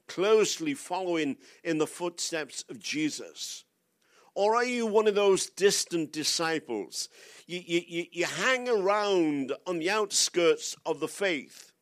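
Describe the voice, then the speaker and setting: An older man preaching a sermon as a guest speaker, pressing his listeners with repeated rhetorical questions. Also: fairly high pitch.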